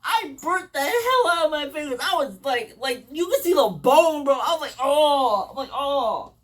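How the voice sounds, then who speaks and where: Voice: sits high, expressive, normal speed, fairly bright tone. A speaker telling rambling stories in a casual, profane way, repeating phrases and calling the listener "bro.". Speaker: storyteller. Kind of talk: casual storytelling. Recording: voice a bit distant from mic.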